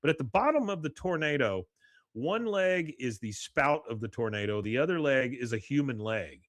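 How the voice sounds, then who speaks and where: A man's voice: medium pitch, moderate pace, no room sound. A man hosting a podcast, chatting casually as he retells a cartoon episode scene by scene with laughs. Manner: animated retelling, reads out quotes with laughs. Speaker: podcast host. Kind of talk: casual chat recapping an episode.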